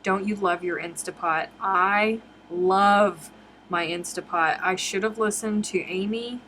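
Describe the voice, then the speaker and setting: A chatty woman hosts a casual live stream from home and answers her viewers' comments one by one. Her pitch sits in the middle range. Faint noise hums behind her voice. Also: fairly even intonation, measured pace, a bit bright. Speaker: crochet live-stream host.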